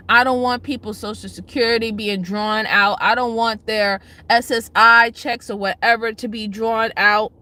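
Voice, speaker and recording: A woman hosting a casual livestream, her voice high and bright. She shouts out chatters by name, then lectures and pleads with her viewers, hammering the same points again and again. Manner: emphatic, repeats herself. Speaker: livestream host.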